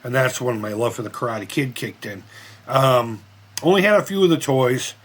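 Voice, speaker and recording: A man's voice: mid-range voice, moderate pace, a little hiss or hum. A man hosting his own channel, chatting casually through reaction commentary in a rambling way and swearing freely. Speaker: host of a retro gaming and movie channel.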